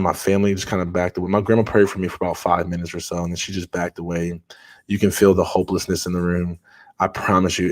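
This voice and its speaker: Male podcast guest, low voice, earnest and conversational storytelling. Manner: earnest, conversational, with frequent restarts and fillers. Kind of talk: personal storytelling in a podcast interview.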